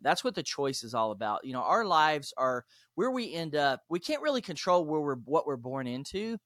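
A man of middling pitch tells animated stories as a podcast guest, slipping into the voices of the people in them. The recording is dry and close, with no room sound. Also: dry recording. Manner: animated, acts out dialogue in stories. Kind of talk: interview storytelling.

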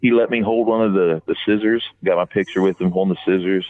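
Low-voiced man rambling over a phone line. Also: fast, dry recording. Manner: rambling, animated when quoting others. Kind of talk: casual storytelling.

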